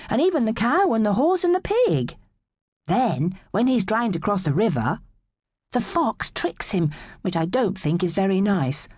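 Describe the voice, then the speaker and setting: A woman's voice: medium pitch, darkish tone, husky, dry recording, clean studio sound. Playful woman narrating a children's story. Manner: playful, wide-eyed storytelling. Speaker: audiobook narrator. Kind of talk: children's audiobook narration as a young girl.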